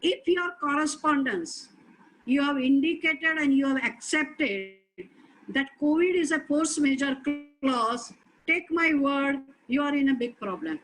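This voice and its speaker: A woman's voice: high voice, unhurried, a bit bright, soft background music, rough recording. A middle-aged woman giving a lecture, earnest and emphatic, stressing key points with repetition.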